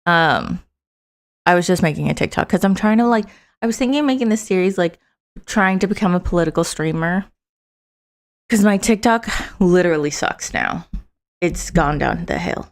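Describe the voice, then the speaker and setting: A woman's voice: fairly low pitch, lively intonation, normal speed. A young woman streamer giving casual, profane, sarcastic political commentary over clips.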